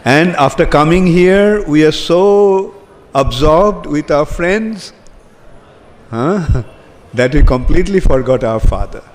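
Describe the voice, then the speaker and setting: Speaking slowly, a male spiritual teacher delivers a sermon and puts questions to his audience. His voice is on the high side, slightly mellow, with lively intonation, and a hall's long reverb and faint ambience surround it.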